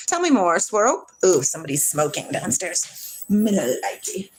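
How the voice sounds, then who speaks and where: A woman hosting a livestream, reading viewer comments aloud and answering them in a blunt, animated way, swearing freely. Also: on the low side, moderate pace, breathy edge. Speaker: livestream host. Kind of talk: casual chat reading live comments.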